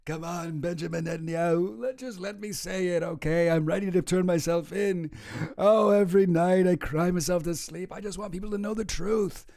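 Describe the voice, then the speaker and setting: A man's voice: high-pitched, fairly even intonation, moderate pace, vocal fry, darkish tone, dry recording, clean studio sound, voice pushed up. A man voicing a guilt-ridden male president who whines and begs to confess. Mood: pleading. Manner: whiny, pleading.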